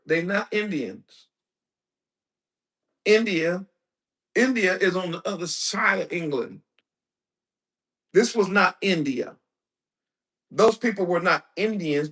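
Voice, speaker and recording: A male preacher giving a lecture-style sermon, emphatic, asking rhetorical questions and breaking into bursts of shouting. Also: high voice. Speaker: preacher and teacher.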